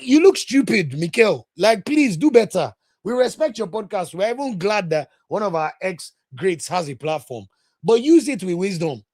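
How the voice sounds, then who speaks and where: Animated Nigerian man ranting about football. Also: high-pitched, no room sound, clean studio sound. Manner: animated, opinionated and ranting, with sudden loud exclamations. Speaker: football podcast host. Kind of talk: casual solo football commentary.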